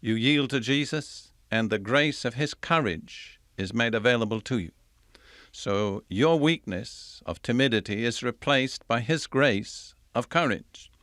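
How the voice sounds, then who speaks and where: An older man teaching from the Bible in a measured, emphatic sermon style, reading scripture aloud and explaining it. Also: medium pitch, expressive, a bit bright, no echo, clean studio sound.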